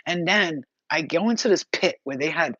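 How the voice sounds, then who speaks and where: A woman's voice: sits low, animated, normal speed, a bit bright, breathy edge, no echo. Intense blunt woman giving spiritual messages. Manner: intense, blunt, swears freely. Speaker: spiritual reader. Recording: dull, dry lo-fi sound.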